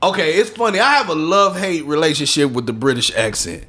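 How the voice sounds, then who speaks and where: A man co-hosting a podcast, telling stories in a lively casual chat and laughing often. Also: fairly high pitch, quick pace. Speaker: podcast co-host.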